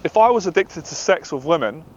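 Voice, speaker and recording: A man's voice: on the high side, expressive, brisk. A man, a dating and anxiety coach, speaking earnestly and confessionally, sometimes acting out the voice in his head. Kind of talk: direct-to-camera monologue. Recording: slightly dull lo-fi audio.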